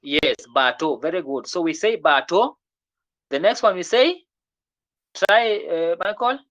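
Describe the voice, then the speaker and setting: A language teacher giving an online French lesson, patiently encouraging students and repeating words slowly so they can drill them. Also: medium pitch, expressive, a bit bright.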